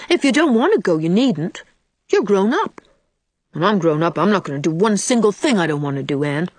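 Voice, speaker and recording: A woman's voice: medium pitch, big pitch swings, a little fast, a little mellow, no echo. A woman reading aloud, voicing a sulky, defiant eight-year-old farm boy who talks bluntly. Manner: whiny, blunt country talk.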